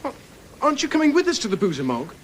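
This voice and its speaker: A young actor with an English public-school accent playing a polite, earnest upper-class patient in a sitcom. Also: male voice, very high-pitched, huge pitch swings, fast talker, slight background noise, exaggerated voice. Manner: polite, earnest, a little awkward.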